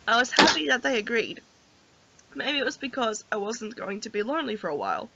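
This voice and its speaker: A woman's voice: on the high side, sing-song, a little fast, gravelly, sharp tone. A woman reading a visual novel's narration aloud and chatting about it, giggly and chatty between the lines. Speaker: gamer, host. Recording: dull lo-fi audio.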